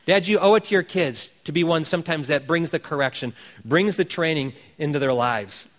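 High-voiced man preaching earnestly. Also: fairly quick, fairly bright tone, big-room sound. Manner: earnest, exhorting, repeats phrases for emphasis. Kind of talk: sermon.

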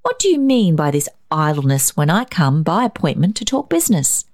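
A woman voicing a hurried young man, a doctor, brisk and impatient. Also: lowish voice, sing-song, darkish tone.

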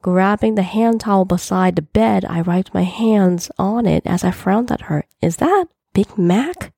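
A woman narrating a first-person story in a plain, even storytelling manner. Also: mid-range voice, normal speed, gravelly, no echo, studio quality.

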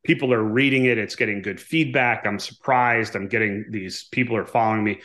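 A man's voice: lowish voice, steady tone, a little fast, a bit bright. A man in his forties, a guest author, telling a story in a casual interview, acting out quoted dialogue and often checking in with "right?". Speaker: guest, author and former navy pilot.

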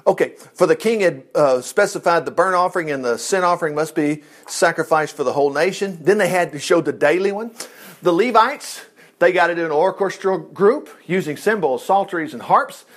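High-voiced guy preaching a bible study sermon, rambly and chatty, keeps saying praise the lord. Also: brisk. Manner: animated, rambling, chatty asides while flipping through scripture.

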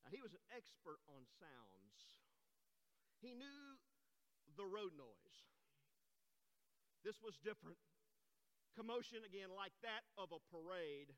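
A man's voice: sits high, very animated, takes it slowly, pauses often, a bit bright. A man preaching a sermon, telling a story that builds to impassioned cries, in a church sanctuary. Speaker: pastor. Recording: long hall reverb.

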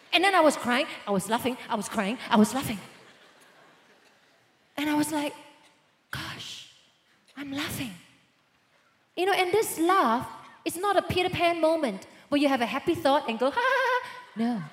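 A woman pastor giving a sermon testimony, telling her story with animated swings between loud bursts and hushed lines. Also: high voice, reverberant.

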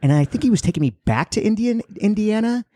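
A young man telling a long, rambling story on a casual podcast, jumping into high-pitched voices for the people in it. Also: expressive, fast talker, dark tone, dry recording, studio quality. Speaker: podcast co-host.

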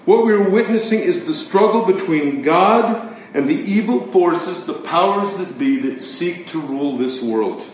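A man preaching a sermon with emphatic delivery, swinging between loud declarations and hushed words. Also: high-pitched, expressive, measured pace. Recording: very echoey room, distant mic, faint noise.

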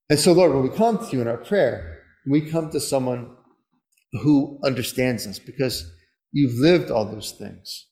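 A man preaching a sermon in an earnest, conversational way, turning at times to spoken prayer, probably a priest. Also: mid-range voice. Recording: long reverb of a church.

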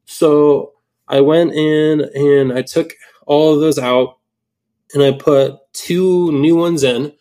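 A man casually telling a story about a surgical mistake, animated and quoting his own reactions. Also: on the high side, slow. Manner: animated storytelling with quoted inner voice, swearing. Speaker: implant dentist telling a case story. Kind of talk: casual podcast chat.

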